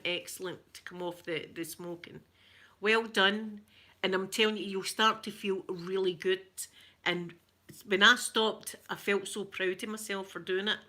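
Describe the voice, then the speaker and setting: A middle-aged Scottish woman chatting casually with live viewers on an ASMR stream, giggly and rambling, often dropping to soft whispers. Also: medium pitch. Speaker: ASMR creator.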